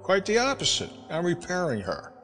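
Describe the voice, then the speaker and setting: A man voicing an educated gentleman castaway who speaks sternly and defiantly, in a storybook reading. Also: sits high, wildly swooping pitch, moderate pace, pitched above the performer's own voice. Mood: easy. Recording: reverberant with music underneath.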